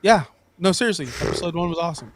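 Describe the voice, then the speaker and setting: A man's voice: on the high side, fast talker. Joking man hosting a sports podcast. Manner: lively, joking, leads the talk. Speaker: podcast host. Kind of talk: casual sports chat.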